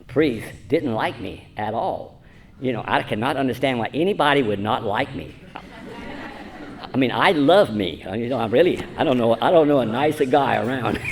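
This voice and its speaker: A man's voice: mid-range voice, a little hiss or hum. A man in his seventies giving a rambling, self-mocking personal talk at a church conference, chuckling often. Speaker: conference speaker.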